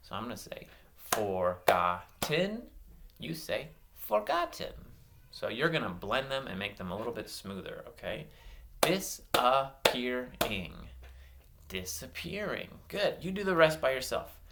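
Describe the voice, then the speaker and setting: Gravelly male teacher leading a kids' lesson. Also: medium pitch, big pitch swings, noisy background. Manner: slow, drawn-out words with bright praise. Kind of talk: online phonics lesson for children.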